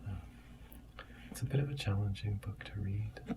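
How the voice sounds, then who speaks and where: A man giving a soft-spoken ASMR book reading, talking in a hushed voice that often drops to a whisper. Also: on the low side, moderate pace, noisy background. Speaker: ASMR storyteller.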